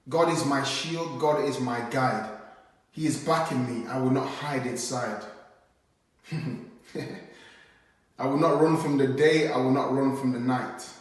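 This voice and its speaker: A man performing rhyming spoken word poetry with a steady, earnest cadence. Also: medium pitch. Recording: very echoey room, mic at a distance.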